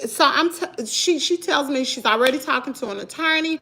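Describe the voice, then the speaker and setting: A woman's voice: high-pitched, normal speed, hardly any pauses, slight background noise. Indignant Southern woman vlogger. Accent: Southern American. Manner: animated, indignant storytelling, addresses viewers as y'all. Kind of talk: storytime vlog.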